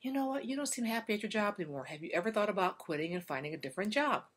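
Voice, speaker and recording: A woman's voice: medium pitch, lively intonation, very fast, a bit bright. A woman voicing a well-meaning husband who earnestly reasons about his wife's bad days.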